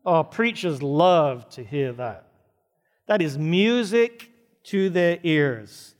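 A man preaching a sermon, retelling a story with dramatic, varied pacing. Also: high-pitched. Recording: reverberant church hall.

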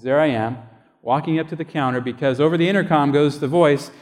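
A man's voice: a little high, fairly quick. A male pastor preaching a sermon, telling a personal story in a conversational way and acting out the voices of people in it. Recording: long hall reverb.

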